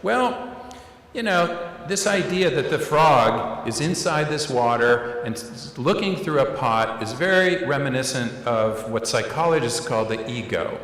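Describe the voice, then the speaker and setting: Animated man lecturing in an echoey hall. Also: mid-range voice, measured pace, slight background noise. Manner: animated, playful, acts out quoted voices. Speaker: keynote speaker. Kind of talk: keynote lecture. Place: large auditorium.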